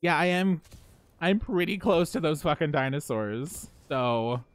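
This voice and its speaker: Man, live streamer, casual gaming chat, slightly high pitch, animated, profane, laughs often, desk mic. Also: unhurried.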